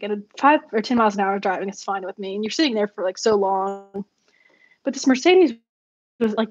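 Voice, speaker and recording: Casting: rambling, laugh-prone woman vlogger, higher voice, dull lo-fi sound. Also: no room sound. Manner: rambling, laughs often, many fillers. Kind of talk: casual storytelling while journaling. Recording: dull dry lo-fi recording.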